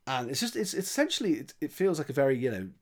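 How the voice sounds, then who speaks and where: A man talking casually on a podcast, recapping a film scene by scene. He rambles and restarts often and drops into quick voiced lines for the characters. His voice sits at an ordinary middle pitch. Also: very animated. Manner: chatty, rambling, with frequent restarts and voiced quotes. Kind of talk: casual chat retelling a film plot.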